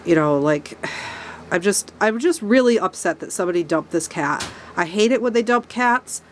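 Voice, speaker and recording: Her voice is medium-pitched and expressive at normal speed, with a little hiss or hum in the recording. The rabbit-keeping vlogger, nose stuffed up from a cold, angrily rants to camera about a problem in her rabbit barn with pets nearby, calling out her own angry tone.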